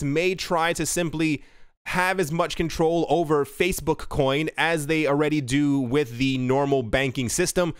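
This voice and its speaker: A man's voice: a little high, no room sound, studio quality. A man hosting a crypto news show, reading out articles and adding rambling, self-correcting asides.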